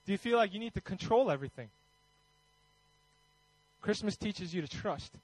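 A man's voice: high voice, expressive, normal speed, a little mellow, husky, no room sound, rough recording. A man preaching a Christmas sermon in a conversational way, then leading a fervent prayer. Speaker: pastor.

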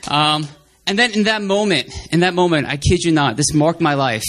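A male preacher tells a personal story to his congregation in a casual, heartfelt sermon. His voice sits a little on the high side for a man. He talks earnestly and loosely, circling back to repeat his phrases. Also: normal speed, a bit bright.

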